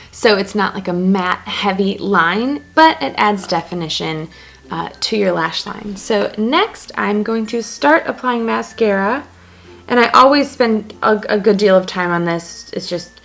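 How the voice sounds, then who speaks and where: A woman's voice: mid-range voice, gravelly, fairly bright tone. Chatty woman doing a makeup vlog at home, jokes around, faint music behind her. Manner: chatty, self-narrating each step; joking asides. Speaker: beauty blogger. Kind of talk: casual makeup tutorial.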